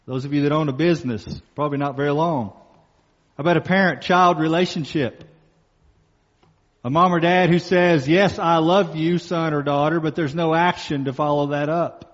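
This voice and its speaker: A man with a slightly high voice preaching a sermon in what sounds like a church hall. He is emphatic, slows down on the key phrases and repeats them for weight. The sound is a little muffled, and a long reverb trails behind every phrase. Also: steady tone. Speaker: pastor.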